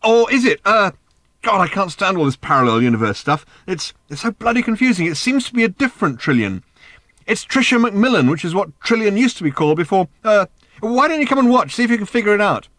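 A man voicing an anxious, bewildered middle-aged Englishman who talks in an excitable, flustered way. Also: brisk, no room sound. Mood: excited. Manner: excitable, flustered, high and loud.

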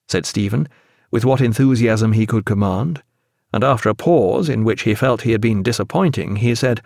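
A man narrating a novel aloud in a measured, expressive storytelling manner. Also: fairly low pitch, creaky, no room sound, studio quality. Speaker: audiobook narrator. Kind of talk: scripted narration.

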